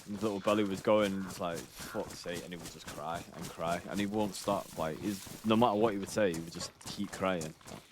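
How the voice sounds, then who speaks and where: Male streamer, thirties, deep low voice, rambling sweary anecdotes, laid-back. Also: fairly even intonation, brisk, noisy background. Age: 30s. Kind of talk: casual chat while gaming.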